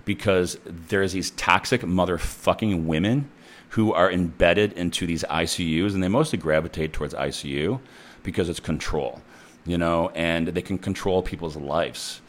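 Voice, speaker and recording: Deep-voiced blunt male nurse. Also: normal speed. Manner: blunt and profane, animated. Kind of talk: casual storytelling.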